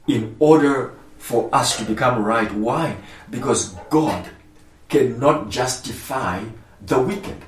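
Male pastor, emphatic sermon, repeated phrases, roomy echo, distant mic. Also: mid-range voice. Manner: emphatic, repetitive preaching with rising outbursts. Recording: echoey room, voice from far off the mic.

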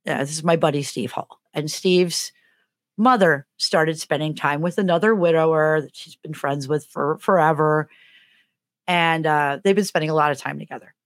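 A middle-aged woman co-hosting a podcast tells a funny story casually and with animation, acting out the voices in it. She has a deep voice, and the recording is dry and studio quality.

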